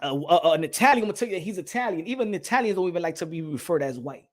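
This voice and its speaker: A man's voice: on the high side, animated, racing. A man hosting a boxing channel, giving a heated, profane opinion rant to camera and often repeating himself.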